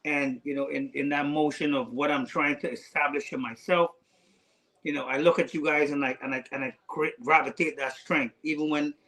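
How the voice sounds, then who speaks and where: A man speaking as a podcast guest, earnest and halting, with many fillers and restarts. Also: a little high, pushed and bright, poor audio. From United States. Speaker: guest rider. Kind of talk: heartfelt casual conversation.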